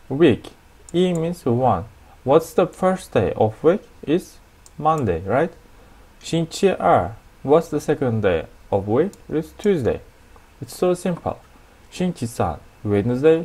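A man with a Turkish accent teaching a language lesson at a whiteboard, explaining slowly and repeating each new word. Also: a little high, darkish tone.

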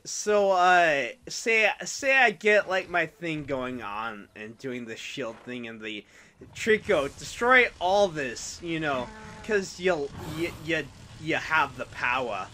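Lively rambling young man gaming. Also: a little high, slow, slight background noise. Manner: rambling, self-mocking, chatty. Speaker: let's play host. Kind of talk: casual gameplay commentary.

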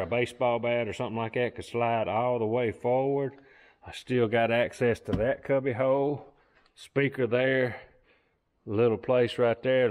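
Folksy Southern man chatting as he works. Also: medium pitch. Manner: folksy, chatty, addresses viewers as y'all. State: a bit out of breath. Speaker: vlogger. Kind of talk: casual DIY vlog talk.

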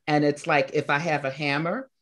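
A woman's voice: low-pitched, steady tone, normal speed, fairly bright tone. A woman speaking as a meditation teacher and personal coach, giving thoughtful, reflective interview answers that she builds from examples and short lists.

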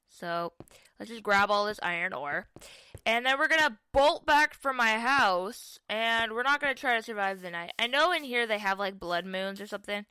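A woman's voice: a little high, background noise. A young woman casually commenting on her own survival gameplay, chatty and self-mocking, often exclaiming at what happens. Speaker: gaming YouTuber.

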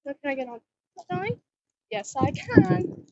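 A young-sounding woman with a high voice vlogs from a bike outdoors. She is jittery and keeps blurting out exclamations. The audio is muffled and lo-fi, picked up by a phone tied to the bike. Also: expressive, normal speed, gravelly, warm tone, dry recording. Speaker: cosplay vlogger. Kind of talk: casual vlog while riding a bike. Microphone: phone strapped to the bike.

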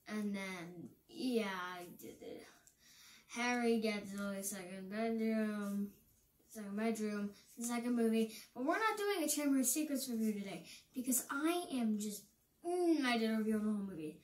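A teenage girl with an American accent gives a casual movie review, rambling and excitable, often cutting herself off mid-thought. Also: fairly high pitch, moderate pace, roomy sound. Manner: rambling and excitable, self-interrupting.

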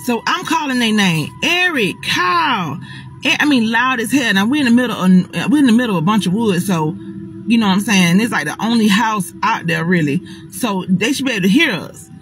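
A woman telling a personal story straight to her audience in a casual storytime monologue, animated and dramatic, swearing often. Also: mid-range voice, fairly quick, slight background noise, rough recording.

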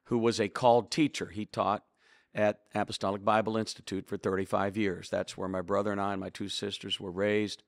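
Earnest older pastor, low dry voice. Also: male voice, no echo. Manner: earnest, preacherly, acts out quoted dialogue. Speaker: pastor and author. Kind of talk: reflective storytelling interview.

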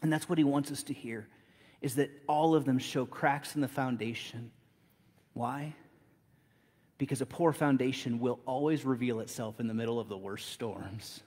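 A man's voice: medium pitch, steady tone, normal speed, a little mellow, breathy edge, big-room sound. A middle-aged man preaching a sermon, telling a story in a conversational way and often restarting with repeated words. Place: church sanctuary.

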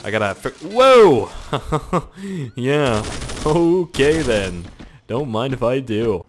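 A young man from Canada draws out his words in a mid-range voice, a little hiss or hum audible underneath. This gaming YouTuber's gameplay commentary is crude, joking and profane, with lively outbursts.

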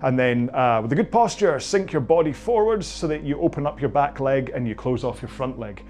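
A man's voice: medium pitch, animated, a little fast, a little mellow. A Scottish man in his forties talks viewers through stretches as a rowing coach. He is chatty and jokes at his own expense. Faint music plays in the background. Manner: chatty, joking and self-mocking. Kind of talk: guided stretching class, casual chat.

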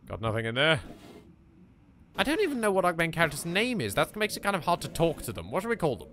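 Brief: English male gamer host, animated and bright, bantering with the game. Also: a little high, quick pace, slight background noise. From England. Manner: animated, jokey, talks to objects, swears. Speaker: let's play host. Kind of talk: casual gameplay commentary.

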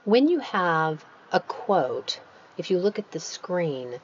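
A woman author delivers a recorded writing lecture, explaining patiently and spelling out punctuation marks as she goes. Her voice sits on the low side and jumps up sharply on stressed words. The recording is dull and lo-fi, with a faint room hum underneath. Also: big pitch swings, slow. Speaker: author teaching a writing workshop.

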